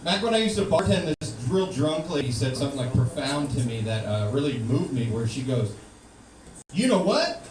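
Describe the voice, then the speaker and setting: Man doing deadpan stand-up in a roomy club. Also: mid-range voice, fairly quick, few pauses. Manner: deadpan, ironic delivery. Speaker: stand-up comedian. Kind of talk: stand-up set. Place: live comedy club. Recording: roomy, distant live room recording with noise.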